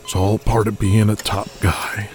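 A man's voice: on the low side, little pitch movement, measured pace, lightly acted. A man voicing a laid-back young male wrestling star who talks in casual slang. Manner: casual, surfer-like slang, calls people buddy.

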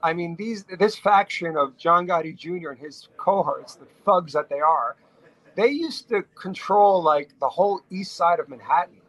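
A middle-aged man from New York spins stories as a podcast guest. His voice sits a little high for a man, and he talks in animated bursts, often restarting his sentences. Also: moderate pace, no room sound, poor audio. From New York, USA. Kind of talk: casual storytelling interview.

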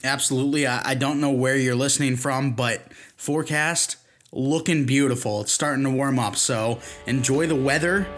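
A man's voice: medium pitch, steady tone, normal speed, fairly bright tone, faint music behind. A man co-hosting a sports podcast in casual chat, easygoing and teasing. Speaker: podcast co-host.

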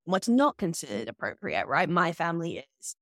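A woman, co-hosting a casual podcast discussion, thoughtful and animated, often adding "like" and "right?". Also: fairly low pitch, a little fast, no room sound, clean studio sound. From New Zealand. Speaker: podcast co-host.

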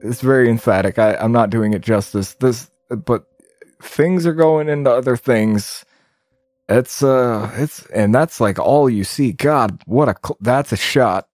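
A man's voice: mid-range voice, a little slow, darkish tone, dry recording, clean studio sound, faint music behind. A man commentating while he plays a game, incredulous, swearing often and laughing at what is on screen. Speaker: gamer.

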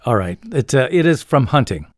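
A man's voice: mid-range voice, big pitch swings, brisk, dry recording, studio quality. A man hosting a casual trivia podcast, telling stories with frequent chuckles. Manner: storytelling, chuckles often. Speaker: podcast host.

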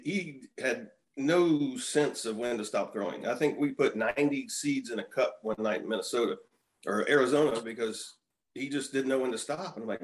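A man in his fifties, a former pitcher, telling stories as a podcast guest and acting out quoted lines. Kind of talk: casual storytelling.

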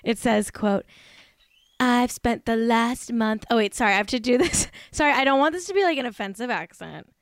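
A young woman co-hosting a podcast, talking casually with joking exasperation and the odd swear. Her voice sits a little high and sounds smooth and clear. The recording is dry and close to the mic. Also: very animated, fast talker, hardly any pauses, no room sound. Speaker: podcast co-host. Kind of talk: casual chat.

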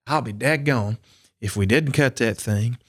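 A man's voice: mid-range voice, a little slow, a bit bright. A man, a country and bluegrass singer, telling stories in an interview and acting out quotes with animation. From Upper Cumberland, Tennessee. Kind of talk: storytelling interview.

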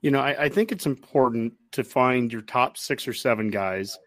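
A man co-hosting a sports podcast, talking in a casual, animated way and getting worked up as he goes. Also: medium pitch, moderate pace, dry recording. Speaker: podcast co-host.

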